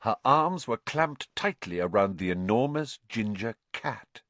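A man narrating a storybook in an expressive, animated reading. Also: fairly low pitch, unhurried, no echo. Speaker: audiobook narrator.

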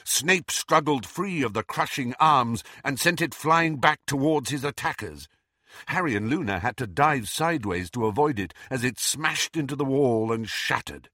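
A man narrating an audiobook in an expressive, dramatic reading. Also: medium pitch, moderate pace, no echo, studio quality. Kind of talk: scripted narration.

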